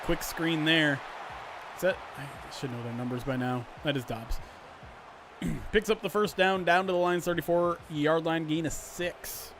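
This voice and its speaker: A man calling a simulated football game on a livestream, switching between animated play-by-play and chatty asides to his viewers, often clearing his throat. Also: a little high, moderate pace, noisy background. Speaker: streamer doing play-by-play. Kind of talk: livestream sports play-by-play commentary.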